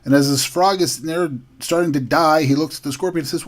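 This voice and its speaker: A man's voice: fairly high pitch, fairly quick. A man hosting a heated, combative political commentary monologue. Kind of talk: opinionated podcast monologue.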